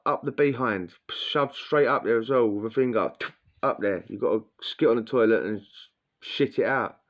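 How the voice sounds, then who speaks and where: A man's voice: mid-range voice, a little slow. A man telling a blunt, crude prison story in casual slang, acting out what people said. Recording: dull lo-fi sound.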